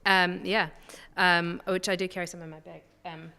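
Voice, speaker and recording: Woman guest explaining whisky, kinda low voice, lots of ums, reverby room. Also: little pitch movement, moderate pace, creaky, sharp tone, slight background noise. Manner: explanatory, chatty, many fillers. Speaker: podcast guest, whisky expert. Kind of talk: casual chat.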